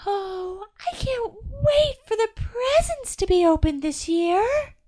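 A woman's voice: very high voice, expressive, slow pace, warm tone, pitched above the performer's own voice, exaggerated voice. A woman voicing a sweet little angel ornament in a storybook reading. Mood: eager.

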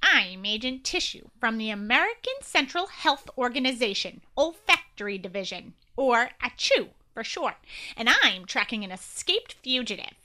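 A woman voicing a nasal-voiced male secret health agent who talks loudly and earnestly. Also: a little high, sing-song, normal speed.

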